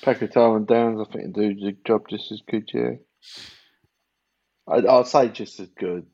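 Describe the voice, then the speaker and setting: Raspy gravelly podcast guy giving his opinion, muffled lo-fi sound. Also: fairly low pitch, fairly even intonation, measured pace, mellow. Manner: opinionated, hesitant restarts. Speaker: podcast co-host. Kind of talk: casual chat. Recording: dull lo-fi mic.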